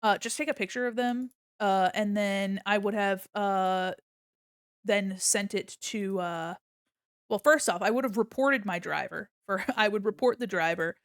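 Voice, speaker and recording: A woman's voice: medium pitch, unhurried, smooth, no echo, studio quality. A woman streamer chatting casually with her viewers, telling stories with lots of swearing and acted-out quotes. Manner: profane, animated storyteller acting out quotes.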